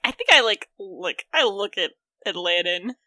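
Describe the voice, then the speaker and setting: Bright-voiced woman player, hesitant and chatty, dry sound. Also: medium pitch, animated, measured pace, dry recording. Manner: bright, nervous, many fillers. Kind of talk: playing a tabletop game.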